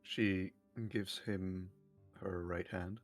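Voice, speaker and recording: Deep-voiced male tabletop player. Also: little pitch movement, very slow, faint music behind. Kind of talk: describing his character's actions.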